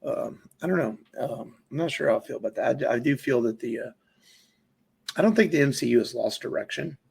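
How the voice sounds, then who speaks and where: Gravelly man in casual podcast chat. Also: medium pitch, lively intonation, fairly quick. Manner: rambling, many fillers and restarts. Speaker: podcast co-host.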